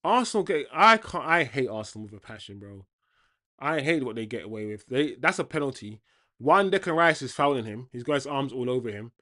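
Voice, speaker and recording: A man's voice: medium pitch, animated, a little fast, bright, forceful tone. A man hosting a football watchalong, reacting live with indignant, casual slang.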